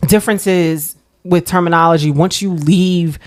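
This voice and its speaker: Woman with a New York accent, podcast co-host, lowish voice, relaxed and agreeable. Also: unhurried. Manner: easygoing, affirming, reads passages aloud. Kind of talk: casual chat.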